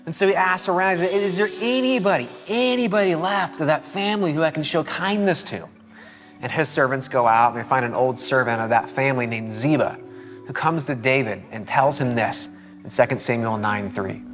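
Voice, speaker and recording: A man preaching a sermon in a conversational, animated storytelling way with playful asides. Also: a little high. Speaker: pastor.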